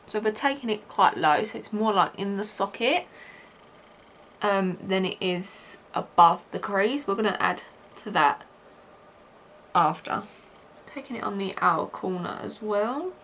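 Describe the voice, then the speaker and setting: A woman's voice: medium pitch, expressive, measured pace, pauses often, a bit bright, slight background noise. A young British woman chatting her way through a makeup tutorial, rambling with lots of fillers. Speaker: beauty vlogger.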